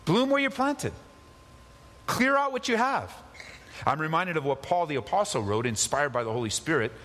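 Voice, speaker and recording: A man's voice: fairly high pitch, fairly bright tone, big-room sound. A male pastor preaching a sermon, reading scripture and repeating key phrases with sudden emphasis.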